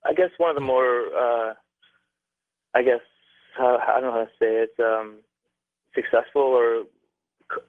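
A man's voice: mid-range voice, steady tone, a little slow, long pauses, dry recording. A young man from Canada, a radio caller, telling a long story with many fillers and restarts. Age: young adult. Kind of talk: phone-in storytelling. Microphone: phone. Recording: tinny dry phone line.

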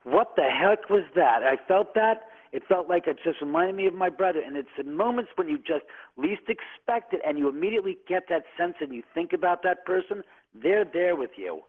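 A man's voice: high voice, expressive, fairly quick. Stammering man telling ghost stories by phone. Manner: rambling storyteller, stammers and repeats words. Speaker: guest on a call-in radio show. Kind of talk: telling a long personal ghost story on air. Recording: tinny phone line.

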